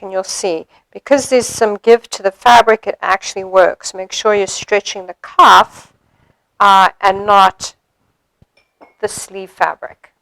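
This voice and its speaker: A woman demonstrating sewing steps in a chatty way, thinking aloud as she works and filling pauses with ums. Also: medium pitch, creaky, fairly bright tone, dry recording, low-quality recording. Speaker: sewing instructor.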